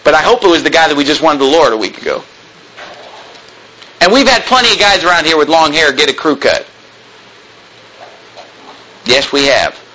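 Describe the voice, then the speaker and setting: A man's voice: fairly high pitch, very animated, moderate pace, pauses often, bright, forceful tone, low-quality recording. A male pastor delivering a sermon in a plain-spoken, emphatic way, full of rhetorical questions.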